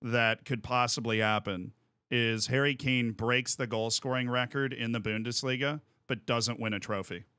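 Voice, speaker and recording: American man, streamer host, playful rambling, bright tone, dry sound. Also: mid-range voice, fairly even intonation, moderate pace, clean tone, no echo. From United States. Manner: rambling, self-interrupting, playful. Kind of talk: casual chat.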